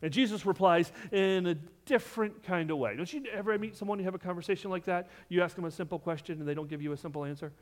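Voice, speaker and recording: A man preaching a sermon to his congregation, animated, asking them questions directly and swinging between loud emphasis and hushed asides. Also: sits high, quick pace, hardly any pauses. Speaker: pastor.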